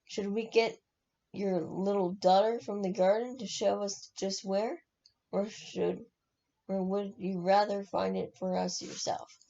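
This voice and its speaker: A woman reading aloud as a menacing male henchman whose voice rasps like a cat's tongue, on a dull lo-fi recording. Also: medium pitch, level tone, unhurried, dark tone. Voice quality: rasping.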